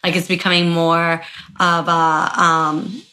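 Bright, animated chatty woman storyteller. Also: fairly low pitch, slow. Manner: animated, chatty, addresses listeners as y'all, many likes. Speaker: podcast host and spiritual practitioner. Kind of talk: casual storytelling chat.

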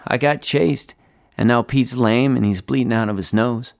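A man's voice: mid-range voice, normal speed, creaky, lightly acted. A man voicing a young frightened boy, urgent and pleading, in a spoken-word story.

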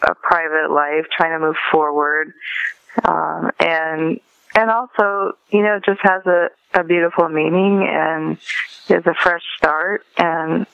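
Soft-spoken woman on a dull phone line. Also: deep voice, fairly even intonation, takes it slowly, gravelly, clear, resonant tone, dry recording. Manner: hesitant, soft, many fillers. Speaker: author and guest. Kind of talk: interview over a phone call.

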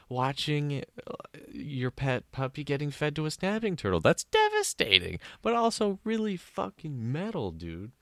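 A man's voice: a little high, huge pitch swings, a little slow, a bit bright, no room sound. A man hosting a podcast alone, riffing sarcastically in a casual comedic monologue and acting out bits in put-on voices. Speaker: podcast host.

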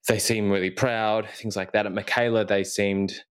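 A man's voice: on the low side, level tone, normal speed, clear, resonant tone. A young man chatting casually on a podcast, recounting a school visit with lots of restarts and acted-out snippets of dialogue. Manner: rambling with frequent restarts and self-corrections; acts out remembered dialogue. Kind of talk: casual chat.

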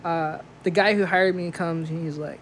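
A man's voice: fairly high pitch, fairly even intonation, normal speed, a bit bright, a little hiss or hum. A man who works as a DJ tells a story in slangy, casual talk, saying "like" a lot.

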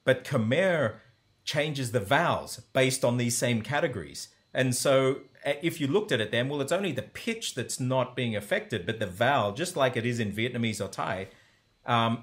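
Casting: male language teacher, mid-pitched voice, eager and explanatory, demonstrates sounds as he talks. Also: expressive, normal speed, fairly bright tone. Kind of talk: conversational explanation.

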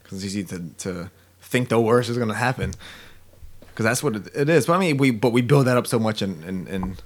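Lower-pitched male podcast co-host, agreeable and thoughtful, halting. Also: expressive. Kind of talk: casual podcast conversation.

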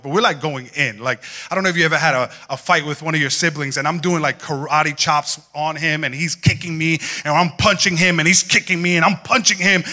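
A young man preaching a sermon, telling stories in an animated way and acting out voices. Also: a little high. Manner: animated storytelling, acts out voices and laughs. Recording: hall reverb.

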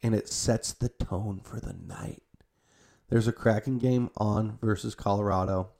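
A man's voice: fairly low pitch, steady tone, a little slow, gravelly, a little mellow. A young man telling a long family story in casual, rambling speech full of "like" and restarts. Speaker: storyteller recounting a family visit.

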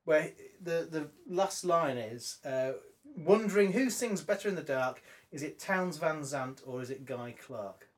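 Fairly high voiced guy, chatty music podcast host, agrees a lot. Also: animated, unhurried. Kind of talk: casual music chat.

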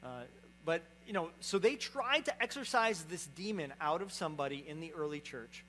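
A man's voice: a little high, lively intonation, normal speed, pushed and bright, faint music behind, low-quality recording. A man in his young adult years preaching a sermon as pastor, speaking conversationally and often checking in with "right?". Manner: conversational, repeats "right?" to the congregation.

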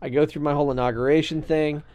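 A man's voice: a little high, steady tone, fast talker, darkish tone, smooth. A man in his thirties in casual political chat as a podcast co-host, joking and rambling. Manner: jokey, rambling, acts out silly scenarios.

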